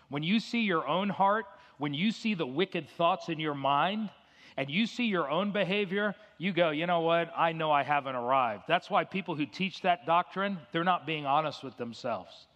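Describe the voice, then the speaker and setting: A man's voice: fairly high pitch, a bit bright, lo-fi sound. Man preaching in a reverberant sanctuary. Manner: conversational storytelling preacher, acts out dialogue. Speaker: pastor. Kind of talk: sermon. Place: church sanctuary. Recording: long reverb of a church hall.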